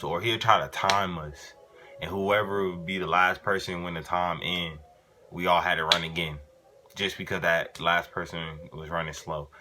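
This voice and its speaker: A man's voice: low-pitched, noisy background. A young man vlogger telling a casual story in slangy, profane, laid-back talk.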